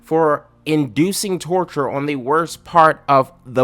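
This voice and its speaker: A man's voice: on the high side, takes it slowly, few pauses, fairly bright tone. A man hosting a comedic political video, ranting sarcastically and swearing freely. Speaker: video host.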